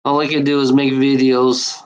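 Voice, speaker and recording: A man vents in a loose, unscripted video rant. He speaks bluntly and swears often, stumbling through restarts and fillers. His voice sits at an ordinary middle pitch. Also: monotone, normal speed, clear, resonant tone, rough recording. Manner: blunt, profane, repeats himself with many fillers. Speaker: video maker.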